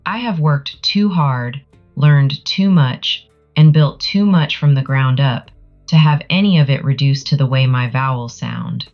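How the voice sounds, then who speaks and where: A woman's voice: rumbling low, measured pace, a little mellow, muffled recording, faint music behind. A woman with a Southern US accent giving a sassy, emphatic commentary monologue to camera. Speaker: channel creator.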